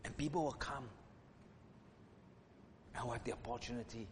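A man preaching a sermon as a pastor, swinging between loud exclamations and hushed asides. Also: normal speed. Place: church hall. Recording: reverberant hall with faint rumble.

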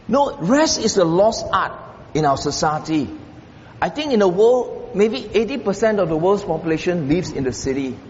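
A man preaching a sermon as pastor, emphatic and repetitive, swinging from loud stressed phrases to low murmurs. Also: very animated, moderate pace. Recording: dull roomy hall sound with faint background noise.

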